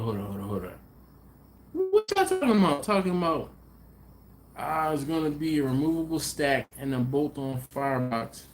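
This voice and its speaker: A middle-aged man hosts a barbecue live stream in a relaxed, chatty way, full of slang. He speaks slowly and unhurriedly. His tone stays casual as he reads out viewer comments. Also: on the high side, slight background noise. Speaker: barbecue channel host.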